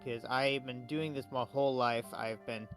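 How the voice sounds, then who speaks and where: A man's voice: medium pitch, fairly even intonation, normal speed, soft background music. A man playing a paladin in a tabletop game, talking hesitantly and stumbling over words. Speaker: player. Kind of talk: in-character tabletop play.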